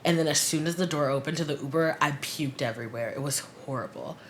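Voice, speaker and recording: A young woman telling, for a wedding film, how she met her partner; she is animated, laughs often and acts out the lines she quotes. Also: sits low, fast talker, a little hiss or hum. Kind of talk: casual storytelling to camera.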